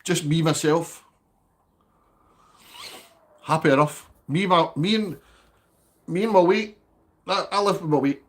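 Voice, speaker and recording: A man's voice: on the high side, measured pace, long pauses. A Scottish man chatting casually on a live stream from his home, reading out viewer comments and asking for likes.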